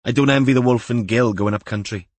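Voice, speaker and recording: A man's voice: medium pitch, quick pace, no echo, pitched above the performer's own voice, natural voice. A man voicing an eager, jokey young detective constable. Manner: eager, upbeat, joking.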